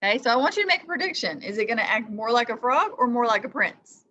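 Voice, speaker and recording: A woman's voice: a little high, fast talker, dull audio. A woman teacher reading a story aloud to children, stopping to ask them questions. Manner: lively, asks the listener questions.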